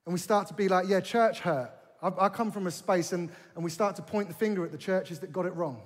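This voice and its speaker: A man preaching a sermon with passion, repeating phrases for emphasis and building to forceful questions. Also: sits high, fast talker. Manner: impassioned, rising to forceful rhetorical questions. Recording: long hall reverb.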